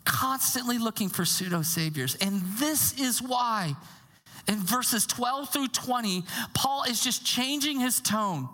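A woman pastor delivering a sermon in an animated, conversational way, sometimes dropping to a hushed tone for emphasis. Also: on the high side, slow. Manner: animated, conversational preaching with acted quotes.

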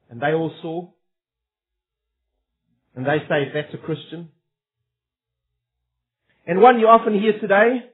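A man's voice: sits high, husky. A man preaching a sermon in an earnest, emphatic way, asking his listeners rhetorical questions. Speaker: pastor. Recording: tinny phone-like sermon recording.

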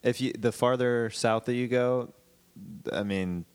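A man's voice: medium pitch, a little slow, a little mellow, clear, resonant tone. A man co-hosting a casual chat, jokey and trailing off into laughs.

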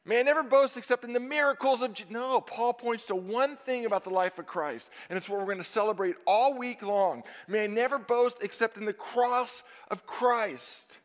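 A high-voiced man preaching with real fire, punching key words and then dropping to a near hush. His sermon rings out through a church sanctuary with a long, lingering reverb. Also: moderate pace, few pauses. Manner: emphatic, dynamic preaching with sudden drops to near-whisper. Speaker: pastor.

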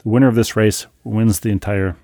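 Man, podcast co-host: gravelly voice, dry close sound, reads mail then tells stories wryly with many restarts. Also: fairly low pitch, a little fast, no room sound. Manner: wry, animated storytelling with frequent restarts. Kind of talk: casual podcast chat, reading listener mail aloud.

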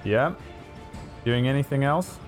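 A man's voice: mid-range voice, unhurried, soft background music. A man narrating as game master, vivid and dryly teasing toward the players.

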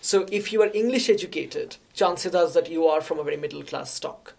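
A woman from India speaks as a guest in a relaxed interview. She explains things carefully and patiently, often pausing to restart her sentences. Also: sits low, vocal fry. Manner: measured, explanatory, with frequent restarts. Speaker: guest researcher. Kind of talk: conversational interview.

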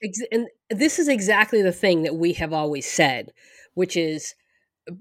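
Woman co-host, lower voice, casual advice talk, musing, dry mic. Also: lively intonation, normal speed, no echo. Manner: agreeable, thinks aloud with fillers. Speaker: podcast co-host.

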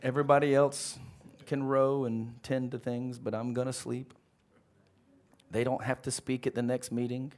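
A man's voice: medium pitch, level tone, normal speed, darkish tone, lightly acted. A man voicing a drowsy, unbothered man who has just been woken from a nap and talks in a casual, sleepy way.

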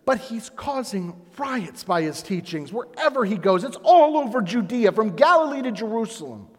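A man voicing angry accusing priests who speak in a loud, indignant way. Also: high-pitched, sing-song, normal speed, big-room sound, voice pushed up.

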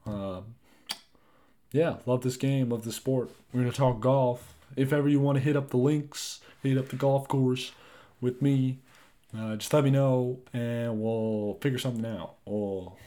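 A young man hosting his own podcast, chatting loosely and rambling, with frequent swearing and lively asides. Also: mid-range voice, measured pace. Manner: rambling, profane, animated asides. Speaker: podcast host. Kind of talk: casual solo podcast chat.

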